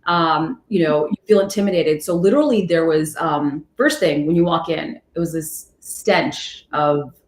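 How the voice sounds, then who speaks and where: A woman TV reporter telling stories in a casual interview, lively and animated, jumping up high in pitch when she acts out what people said. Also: moderate pace, few pauses. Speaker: TV news reporter, guest. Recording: echoey room.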